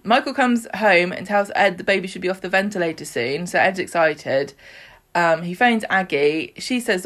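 A woman recaps a soap in casual, chatty podcast talk, slipping into voices for the characters. Her voice sits a little low. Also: lively intonation, moderate pace, a bit bright. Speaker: podcast co-host.

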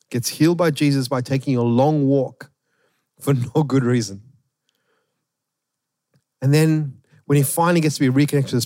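A man preaching a sermon, retelling a story with animated emphasis. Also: medium pitch, no room sound, studio quality. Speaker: pastor.

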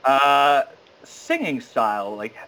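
A man's voice: slow, low-quality recording. A man casually telling a story, acting out the quoted lines and often stammering and restarting. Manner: animated, acts out quoted dialogue with sudden high jumps. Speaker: guest recounting an audition.

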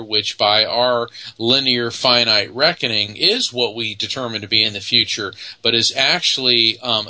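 A man's voice: medium pitch, pushed and bright, poor audio. A man, a psychic guest from Florida, telling stories earnestly in an interview with many fillers. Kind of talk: storytelling in an interview.

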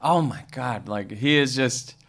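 Bright-voiced man chatting about films. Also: mid-range voice, unhurried. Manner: animated, acts out characters in silly voices. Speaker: podcast co-host. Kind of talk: casual movie discussion.

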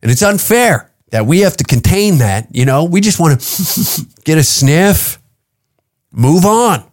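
A man's voice: fairly high pitch, lively intonation, a little slow. A man hosting a podcast, talking in a crude, rambling comedic monologue full of swearing. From Canada. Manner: profane, rambling, brash. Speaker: podcast host. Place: podcast studio.

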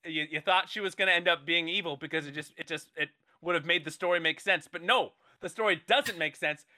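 A comedy podcast co-host with a high, bright voice briskly riffs through a made-up movie plot for his co-hosts. It's a loose, improvised comedy pitch, full of playful rambling and restarted sentences.

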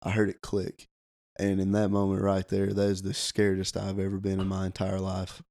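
A man's voice: sits low, normal speed. Young man telling a tense story. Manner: animated storyteller, acts out quotes. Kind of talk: casual storytelling.

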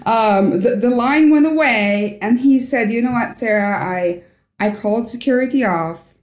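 A woman's voice: on the high side, a little slow, a little mellow. A young woman from Norway, a podcast guest, telling a story with animation and acting out the quoted voices. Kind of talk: storytelling interview. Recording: roomy echo.

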